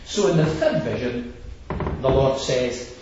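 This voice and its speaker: A man's voice: mid-range voice, animated, measured pace, background noise. A man preaching an expository sermon, stressing points and repeating phrases as he builds. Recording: echoey hall, distant dull lo-fi mic.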